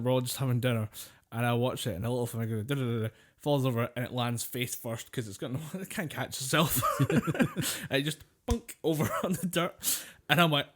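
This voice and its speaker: Casual swearing man on a podcast. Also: mid-range voice. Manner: rambling storyteller, swears freely, laughs often. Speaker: podcast co-host.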